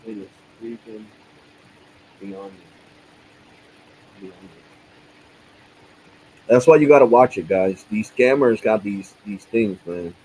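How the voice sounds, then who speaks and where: A man's voice: lowish voice, takes it slowly, pauses often, mellow, a little hiss or hum, low-quality recording. A young man live-streaming, venting angrily with lots of cursing and repetition. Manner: angry, profane, repetitive venting. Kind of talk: casual live-stream rant.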